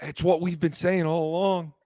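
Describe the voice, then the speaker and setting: A man's voice: fairly high pitch, steady tone, moderate pace, dark tone, no room sound, studio quality. Blunt stammering male sports co-host. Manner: blunt, stammers and repeats words when heated. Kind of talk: casual sports talk.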